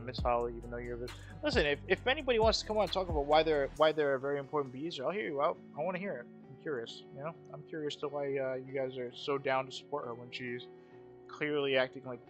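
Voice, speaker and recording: A man's voice: medium pitch, a bit bright. A man hosting a casual livestream, talking bluntly with lots of swearing and repeated phrases. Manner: blunt, profane, repeats himself. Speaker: livestream host.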